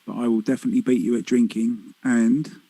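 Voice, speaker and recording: A man's voice: medium pitch, fairly even intonation, brisk, mellow, no echo, rough recording. A man commentating on a pool match, chatty and teasing, laughing easily with his co-host. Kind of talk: live sports commentary.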